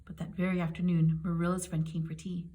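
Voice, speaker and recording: A woman reading a children's picture book aloud in a gentle, clear and expressive way. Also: on the low side, a little fast. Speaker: storybook reader.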